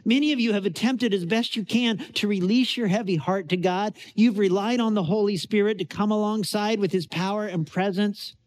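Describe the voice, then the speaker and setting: Earnest preaching man, slightly high voice. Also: normal speed, hardly any pauses. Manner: earnest storytelling, rising to emphatic preaching. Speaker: pastor. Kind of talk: sermon.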